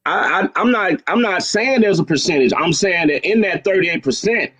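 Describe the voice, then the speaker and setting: A man's voice: high-pitched, animated, normal speed, a bit bright, poor audio. A man arguing in a heated call-in debate, stammering over his words and speaking bluntly in slang. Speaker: panelist in a debate.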